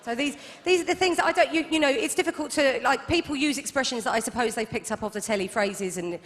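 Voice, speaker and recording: A woman in her thirties performing a stand-up comedy set with wry, deadpan asides. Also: high voice, quick pace. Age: 30s. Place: comedy club stage. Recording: reverberant live club hall. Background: audience laughter.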